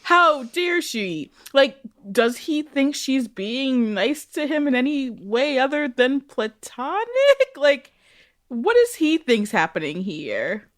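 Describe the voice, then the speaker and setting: A woman on a casual rewatch podcast whose fairly high voice rises and falls a lot. She gives sarcastic commentary and draws out words to make her point. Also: very animated. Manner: wry, sarcastic commentary with drawn-out emphasis. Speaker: podcast co-host.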